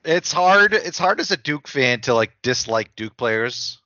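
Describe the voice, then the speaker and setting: A man's voice: mid-range voice, lively intonation, a little slow, sharp tone, no room sound, muffled recording. A man co-hosting a podcast in laid-back, chatty casual talk. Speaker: podcast co-host. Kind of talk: casual chat.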